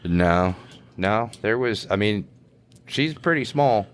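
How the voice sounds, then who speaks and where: Deep-voiced laid-back man. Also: animated, slow, slight background noise. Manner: laid-back drawl, chuckling, slangy. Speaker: podcast co-host, police officer. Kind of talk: casual storytelling chat.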